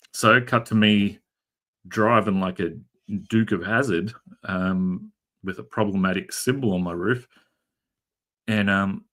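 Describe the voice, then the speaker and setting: A man's voice: on the low side, fairly bright tone. A middle-aged Australian man chatting casually on a drawing stream, telling rambling jokey stories full of fillers, from a converted garage room. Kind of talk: casual chat while drawing.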